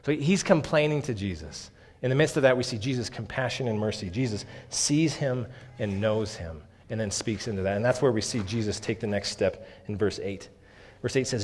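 A man's voice: fairly low pitch, moderate pace, darkish tone, husky. A man preaching a sermon on a Bible passage in an earnest, emphatic way, often saying "okay", in a church hall. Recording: long hall reverb.

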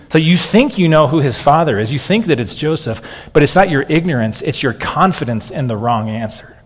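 A man's voice: on the high side, husky, long reverb tail. A man in his thirties preaching a sermon as a pastor, talking conversationally and often restarting with "okay.".

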